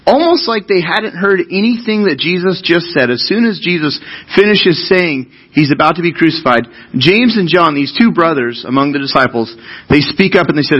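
A man's voice: fairly high pitch, lively intonation, moderate pace, husky, dull audio. A man preaching a sermon as pastor, talking to the congregation in an earnest, conversational way and asking them questions.

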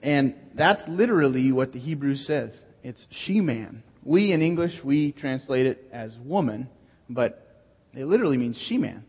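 A male pastor delivers an earnest, teacherly sermon in a husky, mid-pitched voice, returning to his key phrases. His voice carries a long reverb from a large church hall. The recording sounds slightly dull. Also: lively intonation, moderate pace.

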